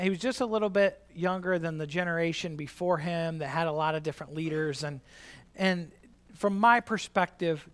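Male pastor preaching to a congregation, animated and conversational, voice sits a bit high. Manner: animated, repeats lines for the congregation; conversational, many restarts and asides. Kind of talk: sermon.

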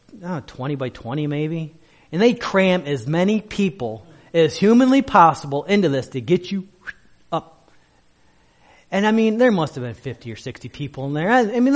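A man, a pastor in his thirties or forties, preaching a sermon that runs through a long personal story, acting out the people he quotes and often repeating or restarting words. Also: high-pitched.

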